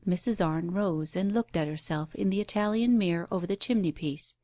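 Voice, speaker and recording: A woman's voice: lowish voice, brisk, few pauses, no echo. Woman reading an audiobook, dry and muffled. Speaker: audiobook narrator. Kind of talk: scripted narration.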